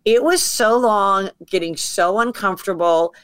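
A woman comedian telling stories as a podcast guest, chatty and quick to act out what people said. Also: mid-range voice, a bit bright, clean tone. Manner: chatty storyteller acting out quotes. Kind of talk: casual podcast chat.

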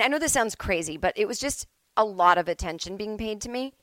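A woman's voice: mid-range voice, expressive, brisk, a bit bright, dry recording. Middle-aged woman, comedy podcast host, rambling self-deprecating storyteller, dry close mic. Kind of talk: casual comic storytelling. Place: at home.

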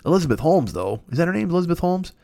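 Lively, profane man ranting on a podcast. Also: fairly high pitch, rapid-fire, creaky, no echo. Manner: profane, rambling, excitable rant. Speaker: podcast host. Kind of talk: solo comedic podcast monologue.

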